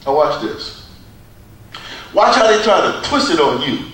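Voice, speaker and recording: A man preaching a sermon in a church, with a preacher's cadence, dramatic pauses and repeated phrases. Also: on the high side, big pitch swings, fairly bright tone. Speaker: pastor. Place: church sanctuary. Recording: echoey church from far off.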